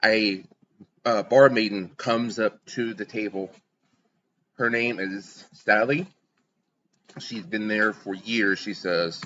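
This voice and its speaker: A man runs a tabletop game as game master, narrating in a loose, casual way with plenty of fillers. His voice is bright and forward, the audio is dull and lo-fi, and there is a faint hiss behind him. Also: on the low side, steady tone, slow, long pauses.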